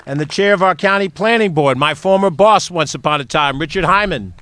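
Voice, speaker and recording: A man's voice: fairly high pitch, a little fast, sharp tone, a little hiss or hum. A man, a county executive, speaking at an outdoor stadium ceremony, reading out and thanking a list of people. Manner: reads out names and thanks them. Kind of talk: ceremony speech.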